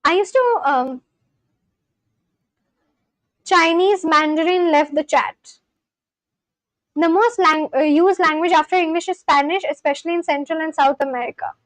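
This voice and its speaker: A woman's voice: very high voice, a little slow, long pauses, a bit bright, no echo, poor audio. A woman casually rambling on a livestream, reading out viewer comments and answering them. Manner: rambling, reads chat aloud and answers it. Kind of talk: casual live-stream chat.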